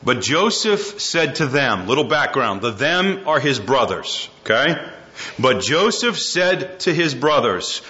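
A pastor with a fairly high, slightly slow voice preaches a sermon, reading scripture and voicing quotes dramatically, his animated delivery rising to near shouts. The recording is muffled and lo-fi.

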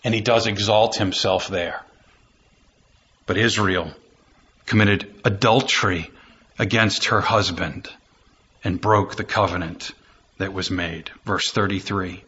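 A man's voice: sits low, steady tone, slow, pauses often, pushed and bright, highs cut off. A man preaching a sermon as pastor, building phrases through repetition and rising fervor.

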